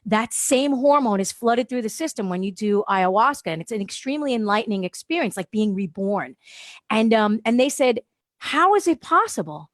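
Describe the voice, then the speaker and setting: Casting: animated woman storyteller, radio guest, a bit high, dry close sound. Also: normal speed, no room sound. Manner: lively, laughs often, acts out quotes. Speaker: guest, holistic wellness practitioner. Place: radio studio.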